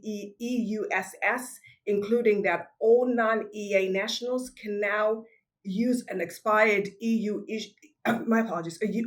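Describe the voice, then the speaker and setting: Earnest woman presenting a legal webinar. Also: mid-range voice. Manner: earnest, repeats words while finding them. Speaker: immigration law specialist.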